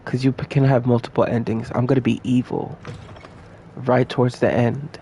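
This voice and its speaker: Young guy streaming a game, kinda gravelly, joking around with chat, faint game noise behind. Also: medium pitch, level tone, moderate pace, warm tone. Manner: chatty, playful, talks to viewers. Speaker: gameplay streamer. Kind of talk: casual gameplay commentary.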